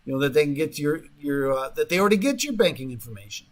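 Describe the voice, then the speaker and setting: A man's voice: a little high, sing-song, quick pace. A man hosting a talk radio show, rambling in a casual monologue full of fillers and restarts, sometimes mocking the voices of the people he quotes, in a radio studio.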